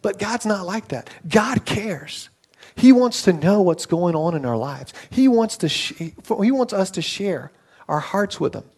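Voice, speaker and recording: High-voiced lively man preaching. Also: a little slow, breathy edge. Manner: conversational, animated storytelling with acted quotes. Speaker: pastor. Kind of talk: sermon.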